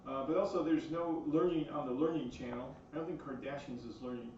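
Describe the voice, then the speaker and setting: Deadpan man doing stand-up, echoey and far. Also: fairly high pitch, a little fast, a crowd in the background. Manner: deadpan one-liners with fillers. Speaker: stand-up comedian. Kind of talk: stand-up comedy set. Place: small cafe stage. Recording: far-off echoey lo-fi room recording with noise.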